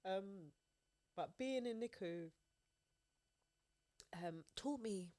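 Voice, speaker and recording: A young woman on a podcast, serving as co-host, draws out her words in a mid-range voice while telling animated stories in a casual chat full of laughter. The recording is dry.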